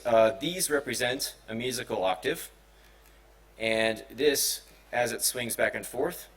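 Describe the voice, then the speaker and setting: A man gives a technical presentation at a conference in a casual, rambling way. His pitch sits in the middle for a man, and he often pauses on fillers and restarts his sentences. A piano sounds now and then behind him. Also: gravelly, a bit bright, low-quality recording. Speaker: conference speaker. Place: conference hall.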